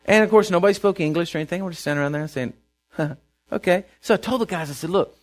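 Animated Texan man telling a testimony. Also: fairly high pitch, rapid-fire. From Texas. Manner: animated, folksy storytelling with repeated words. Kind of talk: sermon storytelling.

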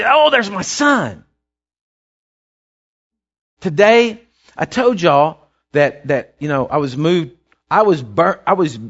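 Man, pastor, folksy rambling sermon, muffled lo-fi sound. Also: on the high side. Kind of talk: storytelling sermon. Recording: dull lo-fi recording.

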